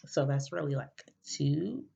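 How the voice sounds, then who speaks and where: A woman's voice: low-pitched, lively intonation, a little slow, vocal fry, dark tone, breathy edge. A woman hosting a podcast, telling a personal story in a rambling casual way, full of fillers and restarts. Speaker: podcast host. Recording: dull lo-fi recording.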